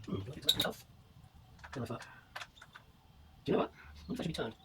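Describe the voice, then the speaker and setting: A man's voice: fast, very noisy. Swearing man in his garage. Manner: muttering and swearing at the work. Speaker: motorcycle restoration vlogger. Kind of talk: casual workshop commentary. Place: home garage workshop.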